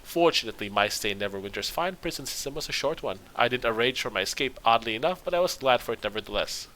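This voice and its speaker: A man's voice: mid-range voice, animated, fast, sharp tone, poor audio. A man reading aloud the lines of a boastful male halfling thief who tells a rambling story.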